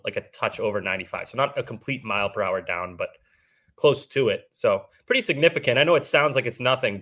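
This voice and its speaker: A man's voice: mid-range voice, sharp tone. A man co-hosting a casual sports podcast, joking and self-mocking as he gives his stats notes. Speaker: podcast co-host.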